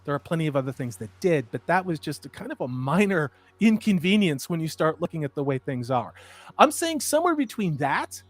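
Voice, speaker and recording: A man in his fifties chatting casually as a stream host, an animated storyteller who swings between loud and soft. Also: on the high side, a little fast, no echo. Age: 50s. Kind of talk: casual chat.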